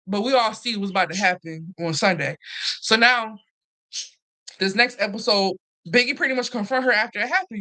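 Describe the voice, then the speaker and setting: A woman hosting a casual, animated recap chat, swearing freely and acting out what others said. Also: on the high side, a little fast. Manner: animated, profane, acts out quotes. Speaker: host.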